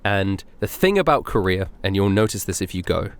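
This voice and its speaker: A man's voice: low-pitched, very animated, fairly quick, smooth. A young man from Europe co-hosting a podcast, rambling through travel stories with laughs and acted-out voices. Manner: rambling anecdotes, laughing, acting out other people's lines. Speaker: podcast co-host. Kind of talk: casual chat.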